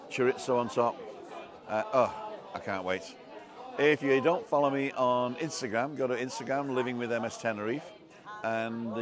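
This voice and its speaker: A man hosting a casual live stream from an outdoor bar terrace, chatting and reading out viewer comments. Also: mid-range voice. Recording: busy outdoor bar crowd.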